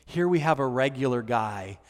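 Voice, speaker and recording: A man pastor preaching a relaxed, conversational sermon, telling stories with fillers and restarts. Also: medium pitch, normal speed, heavy background noise. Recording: long reverb of a hall.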